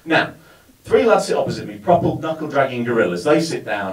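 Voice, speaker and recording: A man's voice: mid-range voice, sing-song, brisk. A man performing a stand-up comedy set, telling a story with wry build-ups to punchlines in a live venue. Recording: roomy sound, mic far from speaker.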